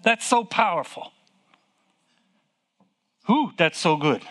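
Male preacher, high voice, slow deliberate delivery, emphatic and repetitive, rhetorical questions. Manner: emphatic, repeats phrases, exclaims with excitement; asks rhetorical questions to the listeners. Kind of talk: sermon.

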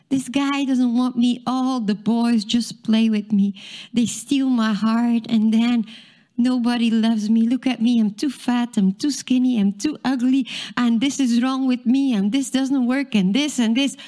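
A woman's voice: on the high side, steady tone, measured pace, warm tone, lightly acted. A woman voicing a heartbroken, insecure teenage girl who pours out anxious questions about herself. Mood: despairing. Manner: anxious self-doubting rush of questions.

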